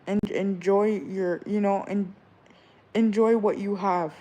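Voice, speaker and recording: A young woman in her twenties talks straight to her viewers in a relaxed, rambling vlog chat. She hands out advice and stories, looping back with "all right?" and "you know" as she goes. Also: mid-range voice, slow, lo-fi sound. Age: 20s. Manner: chatty, repeats "all right?", loose and rambling. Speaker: vlogger. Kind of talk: casual chat giving advice.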